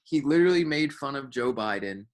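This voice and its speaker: A man's voice: mid-range voice, animated, fairly quick. A young man co-hosting a podcast in casual chat, rambling with lots of filler words and swearing. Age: young adult. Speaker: podcast co-host.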